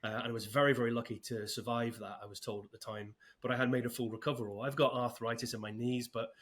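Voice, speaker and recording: A man's voice: medium pitch, flat delivery, quick pace, a bit bright. A man in his fifties, a podcast guest talking casually with light, self-deprecating humor. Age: 50s. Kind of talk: casual interview talk.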